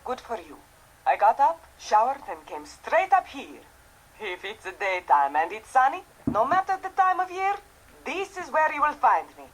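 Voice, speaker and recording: An actress playing a vain, chatty Venetian landlady in a mystery game, with a lively, theatrical delivery. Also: sits high, moderate pace, slight background noise, rough recording. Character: tanned Italian landlady in Venice, vain, chatty. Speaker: game character.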